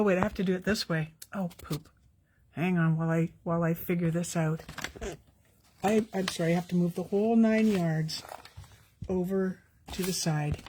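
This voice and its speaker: A woman's voice: on the low side, a little mellow, slight background noise. An older woman, chatting with viewers as she demonstrates a craft on a live stream, friendly and self-deprecating. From Canada. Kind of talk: casual live-stream tutorial.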